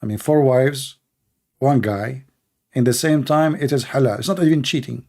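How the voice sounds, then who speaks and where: A man's voice: medium pitch, moderate pace, a little mellow. A man hosting a call-in show, talking in a sarcastic, scornful monologue with broken grammar and rhetorical questions. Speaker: show host taking calls. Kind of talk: mocking monologue commentary.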